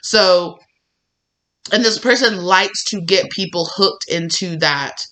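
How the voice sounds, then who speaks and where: A man with a slightly rough voice giving an animated tarot reading, acting out imagined conversations as he goes. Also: high-pitched. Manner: animated, acts out imagined dialogue in quick bits. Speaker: tarot reader.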